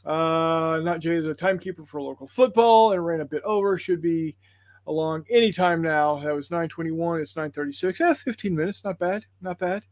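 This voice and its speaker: A man's voice: on the high side, normal speed, dry recording. Folksy man hosting a game stream. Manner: rambling, apologetic, folksy with fillers. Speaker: host of a tabletop gaming livestream. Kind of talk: casual chat reading viewer comments.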